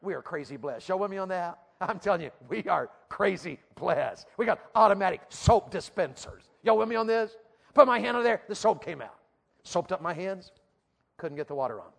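A man preaching a youth sermon in a church, emphatic and repetitive, swinging between loud bursts and hushed asides. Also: sits high, expressive, brisk, creaky.

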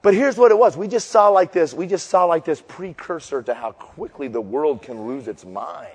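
A man preaches from the pulpit, his voice high for a man and rough with gravel. He tells stories loudly and shouts the punchlines. Then he slows down and drops to a low, hushed delivery. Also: big-room sound. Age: 50s. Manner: animated storytelling, shouting punchlines, then slowing and dropping to a low hush. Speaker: pastor. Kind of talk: sermon.

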